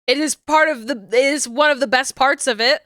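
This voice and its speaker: Bright, high-voiced chatty woman streamer. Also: a little fast, no room sound, studio quality. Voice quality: high natural register, finds low voices hard. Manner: chatty, laughs often, reads out chat. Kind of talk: casual chat while streaming a game.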